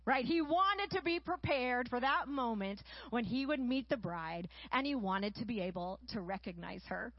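High-voiced woman preaching with enthusiasm. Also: no room sound, muffled recording. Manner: enthusiastic, often asks "right?". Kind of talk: sermon.

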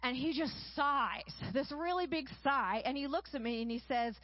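A woman preaching a sermon, enthusiastic and often checking in with a quick "right?". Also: sits high, no room sound, dull audio.

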